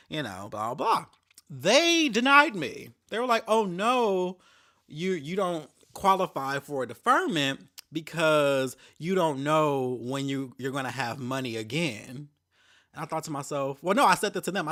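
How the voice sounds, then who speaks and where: A man's voice: on the high side, sharp tone. A young adult man hosting a podcast, telling a story in a casual, profane rant and mocking the people he quotes. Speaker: podcast host.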